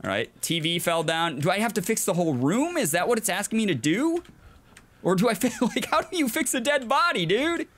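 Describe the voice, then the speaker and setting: A man's voice: high voice, very animated, fairly quick, fairly bright tone. A man hosting a let's play, giving casual gameplay commentary, chatty and jokey, reacting aloud and chuckling often.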